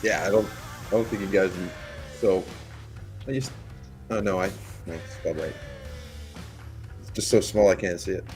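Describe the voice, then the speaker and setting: A man with a lowish voice hosts a casual livestream chat. He swears freely, cracks jokes and trips over his own restarts as he talks. He sounds loose and conversational. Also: normal speed, long pauses, darkish tone, faint music behind. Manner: profane, joking, stumbling restarts. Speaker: livestream host.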